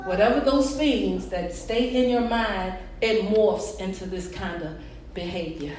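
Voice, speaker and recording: A woman preacher delivering a sermon with call-and-response, moving between quiet talk and shouting. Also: medium pitch, measured pace, a little hiss or hum. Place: church hall. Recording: echoey hall, distant mic, crowd responding.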